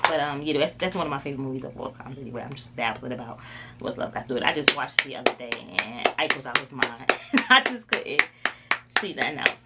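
A woman's voice: a bass voice, lively intonation, fast talker, very noisy. A woman beauty vlogger chatting casually through a makeup tutorial, rambling with lots of filler words.

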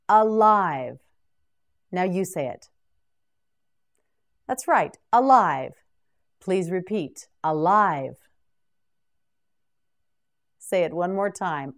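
A woman teaching English vocabulary in a scripted drill, pronouncing each word clearly and deliberately. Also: on the low side, lively intonation.

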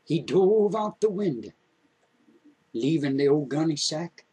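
A man telling a folksy story in an unhurried, homespun way. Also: fairly high pitch, animated, warm tone, husky, low-quality recording.

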